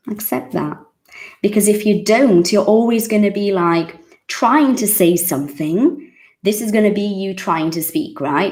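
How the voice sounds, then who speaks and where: A woman from Brazil with a Brazilian Portuguese accent, giving a casual, expressive English lesson with acted-out reactions. She sounds like she is in her thirties. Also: medium pitch. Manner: expressive, acts out surprised reactions. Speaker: English teacher.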